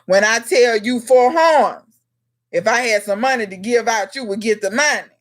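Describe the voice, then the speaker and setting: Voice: medium pitch, moderate pace, fairly bright tone. A home gardener hosting a casual live question-and-answer stream, chatting straight to viewers by name and scolding them in a teasing way. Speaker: livestream host and home gardener.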